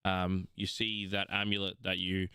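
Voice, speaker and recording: A young Australian man narrating as game master, unhurried and full of fillers. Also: deep voice, monotone, pushed and bright, smooth, dry recording.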